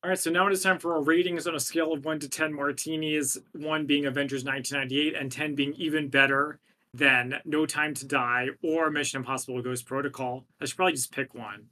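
A man's voice: on the high side, steady tone, brisk, pushed and bright. A man co-hosting a podcast, chatting casually about a film and reading facts and quotes aloud. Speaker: podcast co-host. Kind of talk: casual chat.

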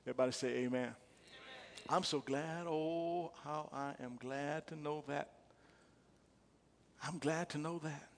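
Male pastor, fairly high voice, emphatic repeating sermon delivery, long church-hall reverb. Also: steady tone, a little slow, long pauses. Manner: repetitive, emphatic preaching with call-and-response. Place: church sanctuary.

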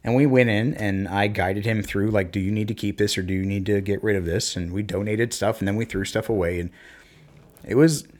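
A man in casual conversation, telling parenting stories and acting out talks with his kids in lively bursts. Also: lowish voice, a little fast. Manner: animated storyteller, acts out talks with his kids. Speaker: podcast co-host, parent. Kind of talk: casual chat.

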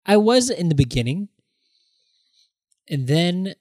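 Man, casual chat, animated, quotes scenes in put-on voices, swears, dry close sound. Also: sits high, slow pace, dry recording.

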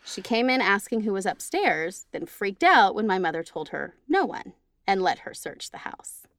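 A woman's voice: medium pitch, sing-song, normal speed, a bit bright, dry recording. A woman co-hosting a casual chat, reading spooky stories and teasing her co-host bluntly. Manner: blunt, teasing, swears freely.

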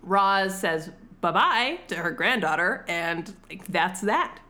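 A woman's voice: on the low side, takes it slowly. A woman in casual chat, recapping a film with lots of laughter and acted-out lines. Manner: animated, laughs often, acts out characters' lines. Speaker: podcast co-host.

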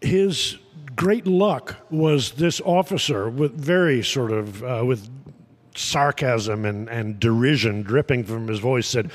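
Rambling storytelling man, guest. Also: medium pitch. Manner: rambling, halting with fillers, chuckles through punchlines. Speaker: podcast guest. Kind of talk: casual anecdotal storytelling.

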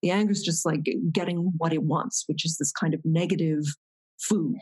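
Husky-voiced woman, thoughtful teacher. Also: sits low, fairly even intonation, moderate pace, a little mellow, poor audio. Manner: thoughtful, searching, many restarts. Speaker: meditation teacher. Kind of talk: reflective conversation.

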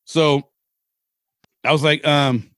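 A middle-aged man from Seattle tells long, rambling stories with animated turns and casual swearing. His voice sits mid-range and is recorded close and dry, with no room sound. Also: medium pitch, moderate pace, dry recording. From Seattle, Washington. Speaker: podcast co-host. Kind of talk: casual storytelling chat.

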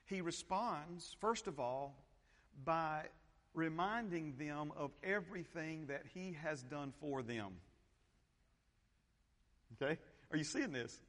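A man preaching a sermon as pastor, animated, often repeating phrases and checking in with his congregation. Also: a little high, slow, long pauses. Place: church sanctuary. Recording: long hall reverb.

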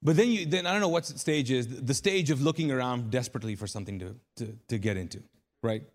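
A man's voice: medium pitch, fast talker. A man preaching a conversational sermon live in church, telling a story with casual asides. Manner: conversational, chatty, frequent restarts. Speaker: pastor. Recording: live church hall reverb.

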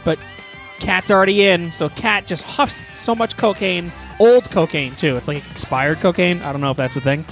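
A man's voice: high voice, moderate pace, gravelly, a bit bright, faint music behind. Rambling profane comedy storyteller, man.

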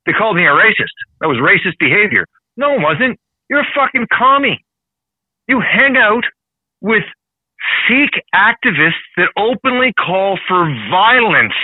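A man from Canada hosting a heated political talk show, ranting fast and swearing often. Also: high-pitched, no room sound. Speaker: show host. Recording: dry, phone-like narrow sound.

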